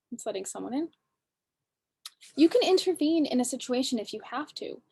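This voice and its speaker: A woman in her thirties with a fairly high voice talks casually as a parenting coach. She often slips into short scenes and plays both the parent and the child. Her delivery stays lively and warm in tone throughout. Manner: acts out parent and child lines with lively shifts. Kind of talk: casual workshop talk.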